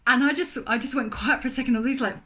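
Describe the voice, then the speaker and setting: A middle-aged woman telling a story in a casual, chatty way, full of fillers and lively retellings. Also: high-pitched, fast. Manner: chatty, animated, many fillers. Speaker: vlogger.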